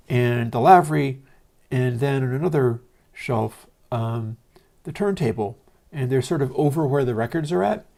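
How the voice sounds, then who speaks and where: A man's voice: mid-range voice, gravelly, warm tone. Male host talking casually from a home studio; meandering and hesitant, with frequent fillers. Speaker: livestream host. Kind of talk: casual rambling monologue.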